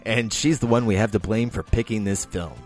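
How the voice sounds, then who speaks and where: A man's voice: lowish voice, a little fast, darkish tone, soft background music. A man hosting a podcast, chatting casually, laughing and exclaiming as he talks. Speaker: podcast host, film editor. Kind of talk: casual chat.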